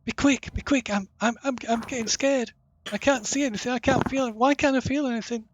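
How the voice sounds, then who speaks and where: A man's voice: high voice, wildly swooping pitch, normal speed, background noise, voice pushed up, heavily acted. A man voicing a frightened, volatile disembodied skull girl who pleads and then shrieks accusations, in a tabletop game. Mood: scared.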